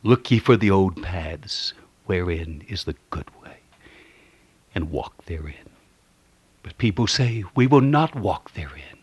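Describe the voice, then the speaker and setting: A man preaching a radio sermon, swinging between fervent swells and hushed whispers as he quotes scripture. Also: low-pitched, lively intonation, slow, slightly rough.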